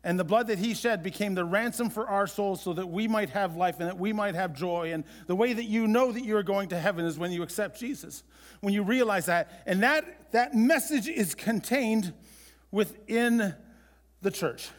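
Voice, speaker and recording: A man preaching a sermon as pastor, in a conversational way with halting restarts. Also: high-pitched, in a large hall.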